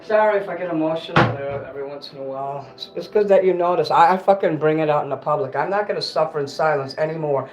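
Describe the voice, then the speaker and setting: A man's voice: fairly high pitch, fast talker, hardly any pauses. A man on a casual livestream, ranting bitterly and cursing, often stopping to correct himself. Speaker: livestream host.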